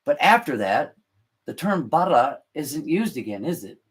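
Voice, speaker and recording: A man talks through scripture at an unhurried, deliberate pace, often stopping to restart a phrase. His voice sits a little higher than most men's. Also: very animated, slightly rough. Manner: halting, many restarts and fillers, slow and deliberate. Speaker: podcast host. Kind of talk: unscripted talk explaining scripture.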